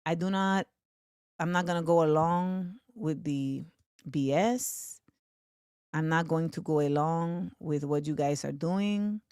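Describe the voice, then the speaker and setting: A calm, soft-spoken woman leader, as a talk host puts her on, speaking low and hushed. She stays composed while refusing to go along. The sound is dry and close. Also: slow, clear, resonant tone, no echo. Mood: calm defiance.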